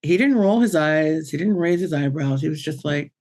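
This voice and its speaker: A woman's voice: low-pitched, lively intonation, normal speed, darkish tone. A woman who works as a spiritual medium, telling a personal story as a guest in an interview in a chatty, earnest way with many fillers and restarts.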